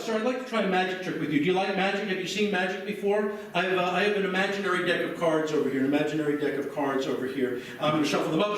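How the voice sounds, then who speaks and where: A man's voice: fairly high pitch, quick pace, fairly bright tone. A man with an American accent performing a live stage hypnosis show, giving soothing, repetitive commands. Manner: soothing commands, repeats phrases. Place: library event room. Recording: echoey hall from far off.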